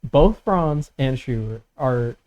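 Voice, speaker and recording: A man's voice: mid-range voice, expressive, very slow, a little mellow, dull audio. A man playing in a tabletop game, bantering with a lot of swearing and laughter. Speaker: player. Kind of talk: tabletop role-play chat.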